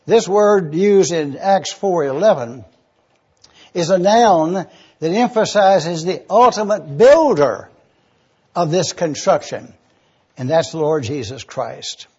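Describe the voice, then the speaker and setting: A man's voice: on the high side, lively intonation, slow pace, a little mellow, husky, highs cut off. A man preaching a sermon, eagerly teaching word meanings and spelling terms out letter by letter. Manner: enthusiastic teaching.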